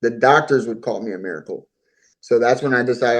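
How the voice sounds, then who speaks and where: A man's voice: mid-range voice, fairly quick, rough recording. Earnest talkative man telling his story. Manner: earnest, talkative, repeats himself. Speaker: interview guest. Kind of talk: casual interview storytelling.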